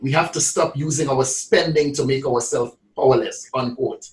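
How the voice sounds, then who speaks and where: A man's voice: medium pitch, moderate pace, roomy sound, far from the mic, faint music behind, poor audio. A man interviewing a songwriter, asking questions in careful, slightly grand wording. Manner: articulate, slightly grand phrasing.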